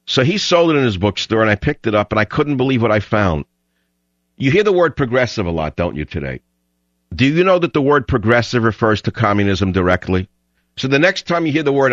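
An older man hosting a political talk radio show, ranting combatively and rising to shouts. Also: on the low side, animated, fairly quick, no echo. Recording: dull lo-fi broadcast sound.

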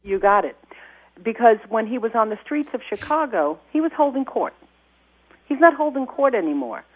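Woman, radio caller, emphatic, breathy, phone-line sound. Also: fairly high pitch, expressive, normal speed. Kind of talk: call-in conversation.

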